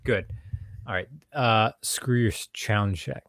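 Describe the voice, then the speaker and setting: A man's voice: fairly low pitch, unhurried, a bit bright, dry recording, clean studio sound. A young man from Pennsylvania, co-hosting a live stream in casual, playful chat. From Pennsylvania, USA. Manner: playful, chatty, runs audience audio checks. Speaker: stream co-host.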